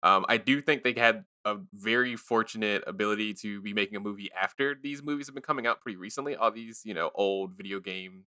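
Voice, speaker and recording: A young man co-hosting a podcast, chatting casually and quickly, swearing and laughing often. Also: fairly low pitch, pushed and bright, smooth, no room sound, studio quality. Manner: fast, laid-back, swearing, laughing often. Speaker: podcast co-host. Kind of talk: casual chat.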